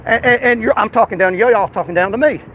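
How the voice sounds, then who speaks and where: A man's voice: high-pitched, fast talker, a bit bright, a little hiss or hum. A man, a taxi driver arguing with police outdoors by a busy road, lecturing and insistent. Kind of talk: heated street argument.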